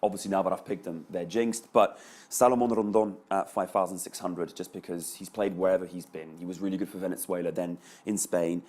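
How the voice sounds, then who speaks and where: A man's voice: sits low, fairly even intonation, brisk, few pauses, darkish tone. A man, a panelist chatting analytically on a sports show. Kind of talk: panel discussion.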